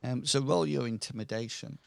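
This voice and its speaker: A man running a tabletop game as game master, talking in a halting way with many pauses and restarts. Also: medium pitch, vocal fry, no echo. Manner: halting, full of ums and restarts.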